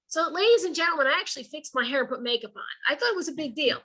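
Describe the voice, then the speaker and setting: Woman speaker on a video call, bright and somewhat high voice, chatty folksy storyteller who acts out quotes. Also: animated, racing, few pauses, poor audio. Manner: colloquial, folksy phrasing. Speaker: author and speaker. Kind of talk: storytelling talk to an online audience.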